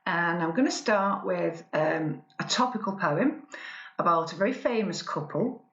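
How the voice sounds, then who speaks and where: A woman spoken word poet introducing her poems in a relaxed, wry way. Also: fairly low pitch, echoey room, highs cut off. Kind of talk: introducing a poetry set.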